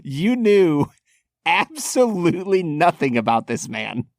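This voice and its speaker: A man's voice: fairly high pitch, sing-song, unhurried, no echo, clean studio sound. A man co-hosting a podcast, chatting casually about films in a teasing tone and laughing often. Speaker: podcast co-host. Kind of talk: casual film chat.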